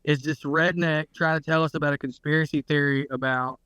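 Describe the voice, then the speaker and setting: A man's voice: on the high side, fairly even intonation, a little fast, pushed and bright, clear, resonant tone, dry recording, poor audio. A man co-hosting a podcast, chatting casually, swearing freely and acting out the people in his stories. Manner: storytelling, swears freely, puts on voices when quoting people. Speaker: podcast co-host. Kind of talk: casual chat.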